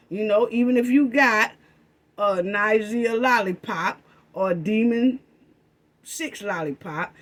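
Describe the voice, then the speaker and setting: A woman hosting a commentary channel, talking straight to her audience as family, heated and repetitive. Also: mid-range voice. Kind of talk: casual commentary monologue.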